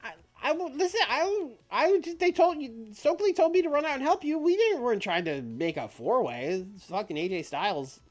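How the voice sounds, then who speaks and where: A man voicing a flustered male wrestler who stammers out rushed excuses. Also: very high-pitched, sing-song, voice pushed up. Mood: panicky.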